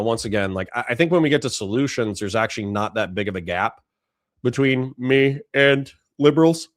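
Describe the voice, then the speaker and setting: A man's voice: fairly low pitch, no echo, clean studio sound. A tired man hosting a casual livestream, reading chat messages and rambling candidly with lots of fillers and restarts. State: tired, yawning. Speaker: streamer host reading chat.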